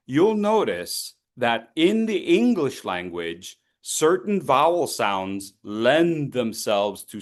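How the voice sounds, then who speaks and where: A man leading an online public speaking workshop over a video call, playful and teasing as he calls on participants. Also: mid-range voice.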